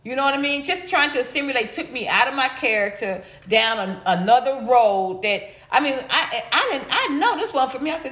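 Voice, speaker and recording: A woman's voice: sits high, animated, fairly quick, few pauses, a bit bright. A middle-aged woman hosting a livestream, chatting casually and reading chat comments in a slangy, blunt, laughing way. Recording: echoey room.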